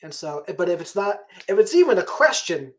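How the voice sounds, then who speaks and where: A man hosting an interview, giving relaxed, opinionated dating advice in casual chat. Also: sits high, brisk. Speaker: host.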